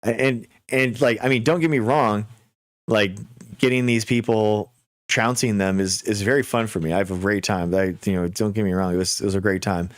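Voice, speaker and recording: A man hosts a casual livestream with a low voice. He talks straight to his viewers, stumbling over restarts and slipping into mocking quotes. The sound is close and dry, with no room around it. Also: no room sound. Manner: animated, lots of filler and restarts, quick mocking asides. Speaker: livestream host.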